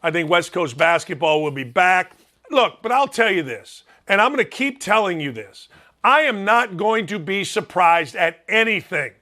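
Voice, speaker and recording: Chicago-accented male sports host, high voice, blunt and fired-up, rambling solo talk. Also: animated, moderate pace, bright, forceful tone. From Northwest Indiana.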